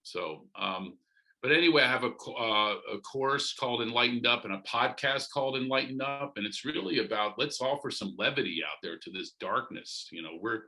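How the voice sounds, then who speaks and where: A middle-aged man, a comedian guest on a podcast interview, joking and animated, leaping into loud comic asides. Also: medium pitch, brisk, low-quality recording.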